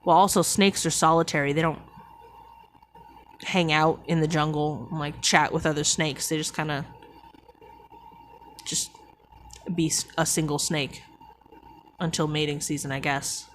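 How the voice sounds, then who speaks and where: A woman's voice: low voice, normal speed, pauses often, fairly bright tone, a little hiss or hum. A woman streamer reading a novel aloud to her chat and breaking off into sarcastic, chatty asides that ramble and restart. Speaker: streamer hosting a book club.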